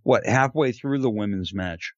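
A man's voice: lowish voice, moderate pace, no echo, muffled recording. A man co-hosting a casual podcast chat, hesitant and wry, chuckling at his own jokes. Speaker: podcast co-host.

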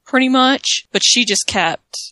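Woman, podcast co-host, bright, dry, chatty. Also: high voice, expressive, unhurried, no room sound. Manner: chatty, enthusiastic, trails into repeated phrases. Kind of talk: casual chat.

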